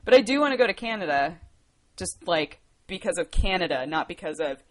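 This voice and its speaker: A woman's voice: lowish voice, lively intonation, fairly quick. A woman in her twenties from the United States, chatting casually on a livestream, rambling and laughing as she answers viewer questions. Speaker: livestream host.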